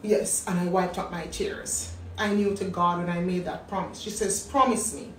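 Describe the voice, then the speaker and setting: A woman in her thirties with a Jamaican accent, telling a personal story in a lively way and acting out what people said. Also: on the low side, normal speed, a little hiss or hum. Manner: animated storyteller acting out quotes. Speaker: business talk host. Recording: roomy, distant mic.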